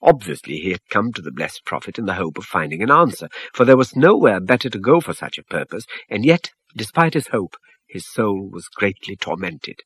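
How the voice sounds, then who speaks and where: A man narrating a religious story in a solemn, expressive storytelling manner. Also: fairly low pitch, moderate pace, husky, no room sound.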